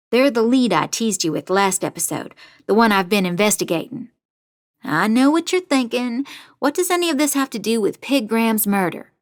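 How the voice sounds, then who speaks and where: An actress playing a determined young woman true-crime podcaster, narrating her story in the first person in a measured, confiding way. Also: on the high side, dry recording, studio quality.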